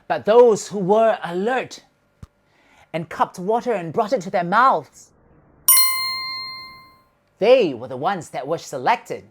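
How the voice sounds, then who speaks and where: Lively woman telling a children's story. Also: on the low side, slow pace, long pauses, a little hiss or hum. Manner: animated and expressive, with shouted sound effects. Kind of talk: children's Bible story narration.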